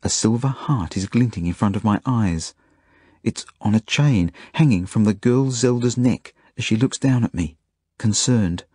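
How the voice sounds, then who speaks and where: A man reading an audiobook as a first-person narration, in plain, measured storytelling. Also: on the low side, dark tone, husky, no room sound, studio quality. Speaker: audiobook reader.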